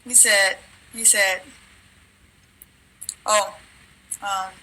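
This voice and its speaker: A woman's voice: medium pitch, flat delivery, very slow, sharp tone, low-quality recording. A woman telling a religious dream in a rambling, casual way, with restarts, and at times reading scripture aloud. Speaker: religious video maker.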